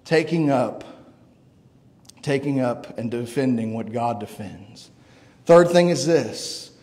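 A man's voice: a little high, darkish tone, long reverb tail. A man preaching a sermon as pastor, in an earnest, conversational way that often repeats words. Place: church sanctuary.

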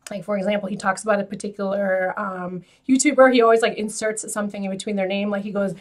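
A woman hosting a beauty vlog, chatting to camera in an animated, filler-heavy way and laughing often. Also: mid-range voice, quick pace. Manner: loose filler-heavy talk with frequent "like". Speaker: beauty YouTuber host. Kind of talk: casual chat to camera.

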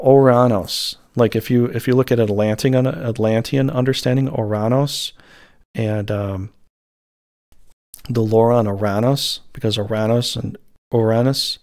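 Guy doing a loose rambly tarot reading, kinda gravelly, lots of ums. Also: medium pitch. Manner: rambling, meandering, lots of fillers. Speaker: tarot reader.

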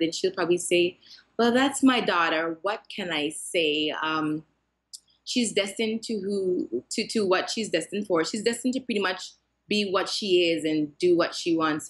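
A young woman, a fashion designer, answering interview questions in a lively, talkative way with many fillers and restarts. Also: fairly low pitch, breathy edge.

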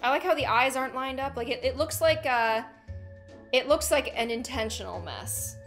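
A woman's voice: high-pitched, moderate pace, a bit bright, soft background music. A young woman hosting a casual reaction video, chatty and giggly, drifting into playful tangents and silly voices. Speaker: gaming and reaction video host.

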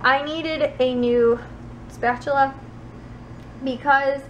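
High-voiced giggly teen girl vlogger. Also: normal speed, muffled recording, slight background noise. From Chicago suburbs, USA. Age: late teens. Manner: rambling, filler-heavy, giggly. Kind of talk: casual vlog chat.

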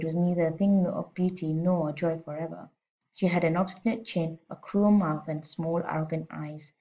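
A woman teacher with a lowish voice gives a steady, expressive reading of a children's storybook, heard through a lo-fi recording that's a little muffled.

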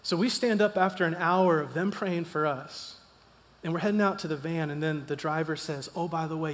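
A man in his thirties preaching in a church, telling a personal story, animated and swinging from loud to hushed. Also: a little high, moderate pace. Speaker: pastor. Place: church sanctuary. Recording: long reverb of a church hall.

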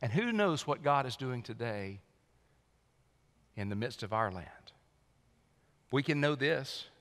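A male senior pastor preaching a sermon, swinging from loud, lifted lines down to quiet, low emphasis. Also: animated, unhurried. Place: church sanctuary. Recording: long church hall reverb.

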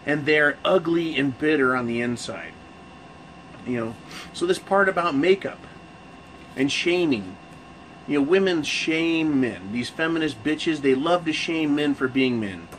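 A man hosts his own channel and talks straight to camera in a loose, cursing rant. He stumbles and restarts his sentences, and his voice sits a little high. A faint air conditioning hum runs underneath. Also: lively intonation, measured pace, a bit bright, rough recording. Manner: profane, rambling rant with restarts. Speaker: channel host. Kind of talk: casual monologue to camera.

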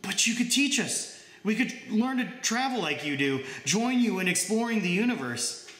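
An earnest, formal ambassador speaks in a raised, slow, over-enunciated voice, put on by a man reading a story. The tone is bright and solemn, and the room echoes around him. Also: high voice, lively intonation, pitched above the performer's own voice, exaggerated voice. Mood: pleading.

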